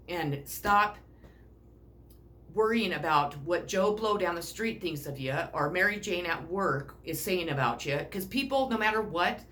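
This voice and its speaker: A woman's voice: fairly low pitch, fairly bright tone, a little hiss or hum. A middle-aged woman giving a casual self-help talk, blunt and rambling, swearing freely. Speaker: personal growth speaker.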